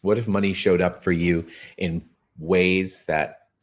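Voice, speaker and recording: A man with a fairly low voice guides listeners through a spiritual exercise. He talks expressively and draws out key words slowly. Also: fairly even intonation. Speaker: course guide.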